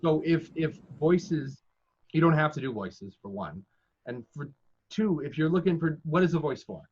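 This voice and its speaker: Guest, male, professional game master; relaxed self-deprecating talker, breathy edge, lo-fi recording. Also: fairly high pitch, normal speed. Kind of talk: casual advice-giving conversation. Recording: dull lo-fi audio.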